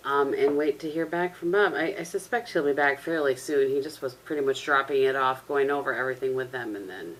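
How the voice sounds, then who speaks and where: This is a casual vlog chat by a middle-aged woman talking to her camera at home, full of rambling stories and frequent laughter. Her pitch is extremely low and her delivery brisk, with few pauses. Recorded on a camera resting on a tissue box, the audio carries a little hiss or hum.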